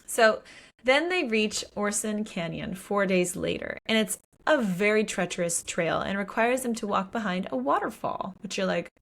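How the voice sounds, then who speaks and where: A woman chatting casually as a podcast co-host. She retells a story with lively, animated quoting of the characters, dropping in exclamations and the odd curse. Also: mid-range voice, normal speed, vocal fry. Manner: animated retelling with voiced quotes and swearing. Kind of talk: casual book recap chat.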